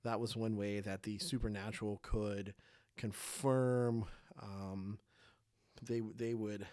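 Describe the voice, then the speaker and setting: A man's voice: on the low side, level tone, takes it slowly, darkish tone, no room sound, clean studio sound. A man hosting a faith podcast, telling a Bible story in a loose, rambling way with lots of fillers and restarts, acting out the characters' lines as he goes. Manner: rambling, many fillers and restarts, laughs at his own tangents. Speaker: podcast host. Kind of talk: casual faith podcast talk.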